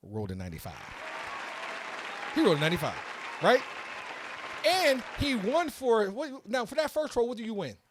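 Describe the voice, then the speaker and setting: A man hosting a casual podcast, telling a story in an excitable, animated way that builds to loud peaks. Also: very high voice, moderate pace, long pauses, a crowd in the background, noisy background. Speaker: podcast host.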